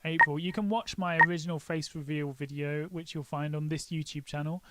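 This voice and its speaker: A man's voice: a little high, steady tone, fairly quick, heavy background noise. A man hosting a casual live stream walkthrough, joking and poking fun at himself. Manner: joking, self-mocking.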